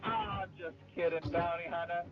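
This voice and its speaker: A man's voice: high-pitched, steady tone, moderate pace, dull audio, over loud music, pitched above the performer's own voice, lightly acted. A man voicing a ruthless young man with mystic powers who gives cold, mocking commands. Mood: commanding.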